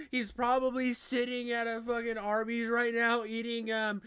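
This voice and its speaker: A young man streaming crude, excitable comedic commentary as he reacts to clips, swearing freely and breaking into shouts. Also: very high-pitched, moderate pace, clear, resonant tone, no echo. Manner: loud, excitable, profane, bursts into shouts.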